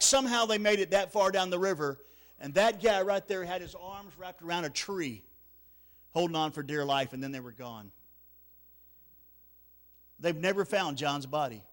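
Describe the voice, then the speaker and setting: Evangelist, higher-pitched man, emotional revival storyteller who goes hushed at sad beats. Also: normal speed. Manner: emotional, repeats words, drops to near-whisper at sad moments. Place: church sanctuary.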